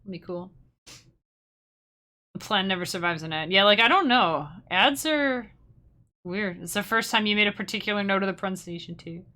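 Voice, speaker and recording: A woman's voice: medium pitch, lively intonation, normal speed, long pauses, pushed and bright. A woman streamer and musician chatting casually with her viewers, rambling and restarting her sentences, laughing often. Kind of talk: casual livestream chat with viewers.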